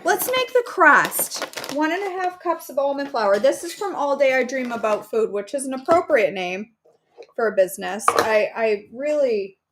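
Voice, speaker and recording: A woman with a slightly high voice hosts a casual cooking stream from her home kitchen. She talks playfully straight to her viewers as she works, picked up by a camera on the counter with a faint hiss of background noise. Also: lively intonation, normal speed. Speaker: cooking show host. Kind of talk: casual live cooking chat.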